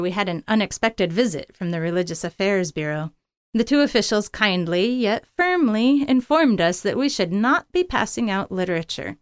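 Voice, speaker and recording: A woman narrating her own missionary story in a gentle, earnest reading. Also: mid-range voice, clear, resonant tone, no echo, clean studio sound. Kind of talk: scripted narration.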